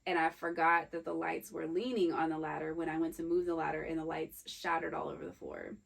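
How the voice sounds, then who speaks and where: Husky, gravelly-voiced woman sharing candidly. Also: low-pitched, flat delivery, poor audio. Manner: candid, emotional, halting retelling. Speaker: podcast co-host. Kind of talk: personal storytelling in casual chat.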